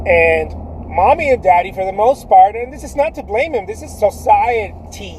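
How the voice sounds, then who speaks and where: A man with a high, bright-sitting voice talks to his viewers about art and life. He is loud, swaggering and profane, laughing between points. Faint traffic hum drifts in from outdoors. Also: lively intonation, moderate pace, rough recording. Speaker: artist. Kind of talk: motivational vlog talk.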